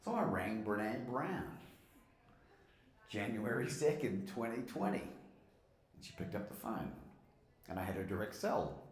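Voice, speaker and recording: An Australian man from Melbourne, a motivational speaker and podcast host, gives an animated live keynote and tells stories while asking the audience questions. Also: lowish voice, measured pace, pauses often. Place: conference hall with a live audience. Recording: roomy hall sound.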